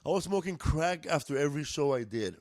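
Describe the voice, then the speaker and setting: A comedian from East Los Angeles, USA, guests in an indoor podcast studio, telling stories loosely, profanely and with laughter in casual chat. His voice is fairly high and darkish in tone, animated and brisk, recorded dry.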